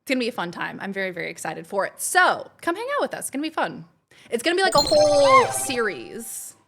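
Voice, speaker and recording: A woman's voice: on the high side, big pitch swings, fast, vocal fry, noisy background. A woman streamer chatting casually and bubbly with her live chat from home while planning her week. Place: home, kitchen.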